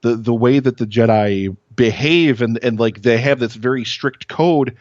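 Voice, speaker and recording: A man's voice: mid-range voice, unhurried, a little mellow, dry recording. Earnest man on a dull line. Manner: earnest, enthusiastic, swears casually. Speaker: podcast guest. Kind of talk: casual podcast chat.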